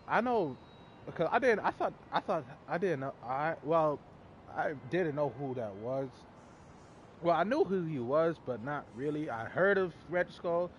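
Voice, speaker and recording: A man's voice: mid-range voice, muffled recording, a little hiss or hum. A man recapping a film's plot in a loose, rambling way, with lots of fillers and some swearing. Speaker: movie reviewer. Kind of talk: casual spoiler recap.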